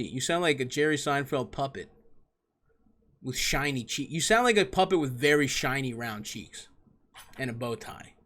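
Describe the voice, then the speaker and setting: A man's voice: fairly high pitch, normal speed, a bit bright. A young man hosting a comedy advice show, giving crude, profane and mocking answers to callers.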